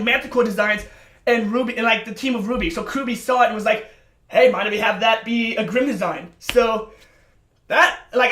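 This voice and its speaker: A man giving excited, breathless reaction commentary on a show, gushing and swearing with stammered restarts. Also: very high voice. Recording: roomy room, faint music behind.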